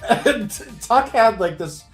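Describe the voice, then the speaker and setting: A man's voice: high-pitched, expressive, slow, soft background music. A man on an online panel call, telling a casual story with lots of laughter and acted-out voices and sound effects. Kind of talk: casual group chat.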